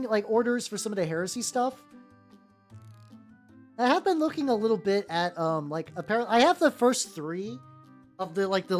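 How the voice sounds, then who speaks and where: A young woman chatting casually on a stream while painting miniatures, rambling with lots of fillers and casual swearing. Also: mid-range voice. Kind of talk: casual livestream chat. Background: soft background music.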